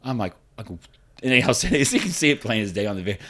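A man co-hosting a casual podcast, telling an animated work story with frequent laughs and swearing. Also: mid-range voice, very fast.

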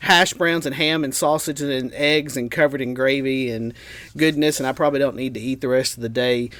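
A man's voice: medium pitch, fairly even intonation, fairly quick, a bit bright, no echo. A man co-hosting a podcast in easygoing casual chat, laughing along with his partner. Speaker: podcast co-host.

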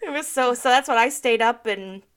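A young adult woman co-hosting a podcast, telling a story in a casual, profane, animated way and acting out the dialogue. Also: on the high side, brisk, clear, resonant tone. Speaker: podcast co-host. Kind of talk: casual chat.

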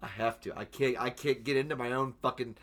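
A man's voice: medium pitch, steady tone, brisk, fairly bright tone. A young man in casual chat with friends, stammering through restarts and swearing freely as he gets worked up.

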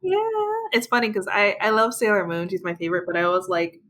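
A woman's voice: mid-range voice, fast, fairly bright tone. A young woman hosting a podcast, chatting in a friendly, enthusiastic way. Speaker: podcast host. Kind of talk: casual chat.

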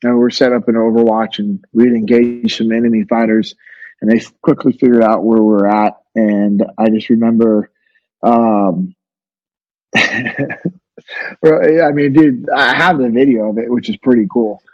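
A man's voice: medium pitch, fairly even intonation, moderate pace, no room sound, muffled recording. A man in his thirties telling stories casually as a podcast guest, laid-back with many fillers. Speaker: guest, former navy special operator. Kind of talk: casual storytelling.

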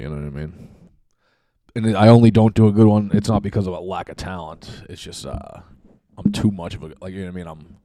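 A man's voice: low-pitched, gravelly, dark tone. A man hosting a podcast, rambling in a casual, profane and self-mocking monologue from his home basement. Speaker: podcast host.

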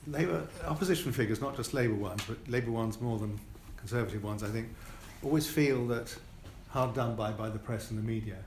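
Brisk-talking man, historian interviewer. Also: mid-range voice, reverberant, a little hiss or hum. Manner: brisk, probing, leading questions. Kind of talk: interview questioning.

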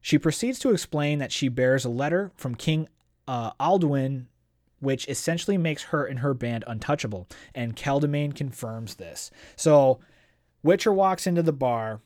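A man hosting a podcast who talks casually and excitedly about a fantasy novel and reads passages aloud. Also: mid-range voice, moderate pace, no echo, studio quality. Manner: excitable, chatty, uses "dude" and "like". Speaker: podcast host. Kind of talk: casual book discussion and reading aloud.

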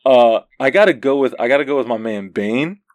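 A man's voice: mid-range voice, animated, a little fast. A man co-hosting a casual podcast chat, slangy and laughing often as he talks. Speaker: podcast co-host.

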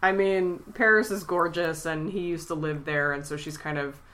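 A woman with a low yet bright, ringing voice chats casually as a podcast co-host. She is tearful and animated, slipping into high, squeaky impressions of the characters as she retells scenes. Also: normal speed. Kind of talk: casual chat.

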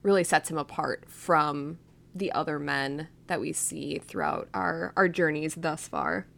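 Low, gravelly-voiced woman co-host. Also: fairly even intonation, a little slow, a bit bright. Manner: agreeable, short affirming replies. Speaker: podcast co-host. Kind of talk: casual book discussion.

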